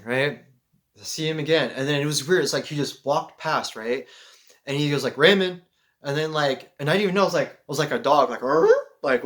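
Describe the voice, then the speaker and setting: A young man from Seattle telling a rambling spiritual story to his vlog, excitable and animated, peppered with "like" and swearing. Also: fairly high pitch. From Seattle, USA. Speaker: vlogger.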